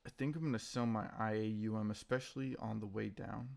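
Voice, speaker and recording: A tired man talks through his trades in a hushed morning voice. His voice sits a little low with a gravelly rasp. He stays laid-back, answering chat as he goes. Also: steady tone, brisk. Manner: quiet, subdued morning voice; laid-back, reads chat names aloud. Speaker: stock trading streamer. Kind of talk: casual live-stream chat.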